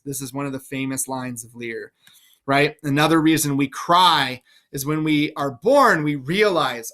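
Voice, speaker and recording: A man's voice: fairly high pitch, a little slow, a bit bright. A male teacher giving a chatty, enthusiastic explanation of a play to his class. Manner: chatty, enthusiastic, asks "right?".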